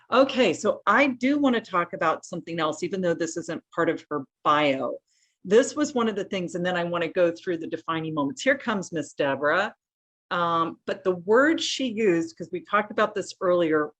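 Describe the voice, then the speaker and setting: A chatty woman hosting a podcast over a remote call. Her voice sits a little low, and she talks casually. She laughs often and makes self-deprecating asides. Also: a bit bright. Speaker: podcast host. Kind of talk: casual interview chat.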